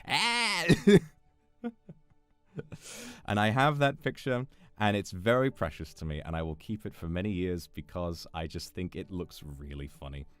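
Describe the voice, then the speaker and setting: A young British man with a fairly low voice tells a story in an easy, chatty way, swearing freely and breaking into laughter. Faint music plays behind him. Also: no room sound. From Britain. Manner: swearing, laughing often, animated retelling. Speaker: streamer. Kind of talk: casual storytelling chat.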